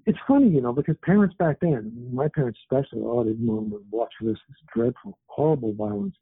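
An author in his seventies, English by birth and Canadian by upbringing, rambles through a casual phone interview as a guest, full of fillers, on a tinny line. His mid-range voice is very animated, fairly quick, creaky and slightly rough, recorded dry.

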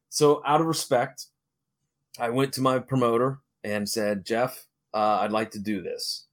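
A man's voice: medium pitch, steady tone, takes it slowly, fairly bright tone. Rambling middle-aged man telling wrestling stories. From Ohio, United States. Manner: rambling anecdotal, frequent fillers and restarts. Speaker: interview guest, wrestling manager and promoter. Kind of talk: casual storytelling interview.

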